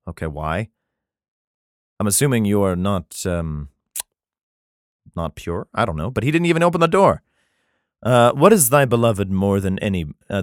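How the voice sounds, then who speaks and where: A man's voice: deep voice, no echo, clean studio sound. A man reading an old text aloud and breaking off into crude, mocking asides and laughter. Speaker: reader giving comic commentary.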